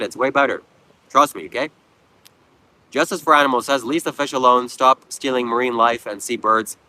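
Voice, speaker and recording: A man's voice: medium pitch, pushed and bright, low-quality recording. A man hosting a live stream, reading viewer comments aloud and answering them with blunt, preachy, mocking lectures. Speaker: livestream host. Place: outdoors at a beach.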